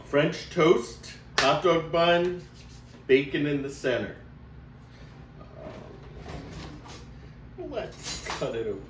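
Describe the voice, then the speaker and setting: Slow-talking man in an echoey kitchen. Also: a little high, lively intonation, background noise. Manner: slow, homey, talks to viewers while cooking. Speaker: cooking show host. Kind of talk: casual cooking vlog. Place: home kitchen. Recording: echoey kitchen, mic far off.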